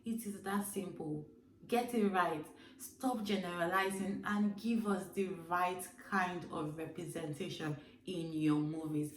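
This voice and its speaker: A woman's voice: fairly low pitch, measured pace, slight background noise. A woman from Africa speaking earnestly and emphatically to her viewers in an opinion vlog. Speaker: vlogger. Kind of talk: direct-to-camera opinion vlog. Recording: roomy echo, mic set far off.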